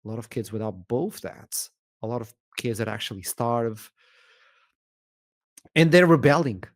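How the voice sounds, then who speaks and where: Appearing as a podcast guest, an esports shoutcaster with a Portuguese accent and a mid-range voice tells a story animatedly. He acts out the dialogue and laughs often.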